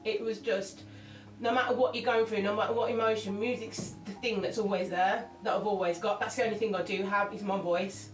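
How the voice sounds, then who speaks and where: A woman who sings talks as an interview guest at a fairly quick clip, her medium pitch steady. She's emotional and forthcoming, looping and restarting, recorded from afar in a reverberant room with music faintly audible.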